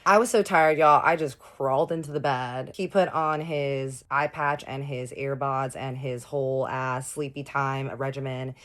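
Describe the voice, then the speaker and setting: A woman with a strikingly deep voice for a woman shares a personal storytime. She chats casually and loosely, dropping a friendly y'all to her viewers as she goes. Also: steady tone, a little slow, few pauses. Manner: chatty, addresses viewers as y'all.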